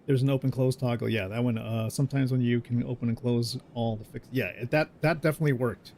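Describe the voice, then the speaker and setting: Over game music, this streamer offers casual gameplay commentary, rambling along and fixing his sentences halfway through in a relaxed manner. He talks fast in a mid-range, steady, slightly mellow voice, with a touch of hiss or hum in the recording.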